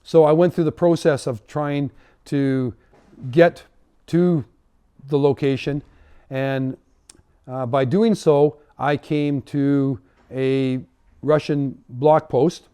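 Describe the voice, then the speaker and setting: A man from Canada, a humanitarian volunteer, recounting a personal story in a halting, reflective way, with many fillers and restarts. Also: fairly high pitch, steady tone, warm tone, smooth.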